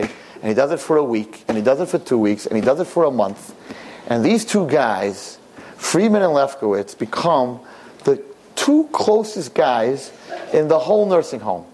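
A man telling a story aloud in an animated, repetitive, expressive way. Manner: repetitive, expressive, rising pitch at high points.

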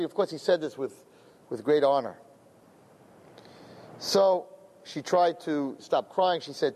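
A man's voice: fairly high pitch, a little slow, pauses often, a little mellow. A man telling a religious story to a gathering, often repeating phrases and glossing Hebrew terms in English. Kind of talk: storytelling talk.

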